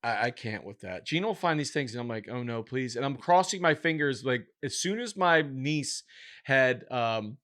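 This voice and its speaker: A man's voice: mid-range voice, animated, normal speed, fairly bright tone. A man co-hosting a podcast, chatting casually in a joking, rambling way. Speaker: podcast co-host. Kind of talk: casual chat.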